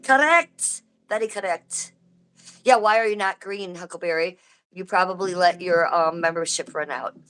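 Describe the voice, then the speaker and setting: A woman streaming from home on her phone, rambling and venting in a casual, chatty way while greeting viewers by name. Soft music plays faintly behind her. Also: fairly low pitch, steady tone, normal speed, smooth, low-quality recording. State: aching tooth. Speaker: livestream host. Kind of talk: casual livestream chat.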